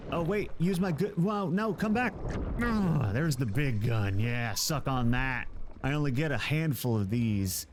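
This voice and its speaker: Excitable man streaming a game. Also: medium pitch, noisy background. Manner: excitable, yelps and exclaims often. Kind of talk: live gameplay commentary.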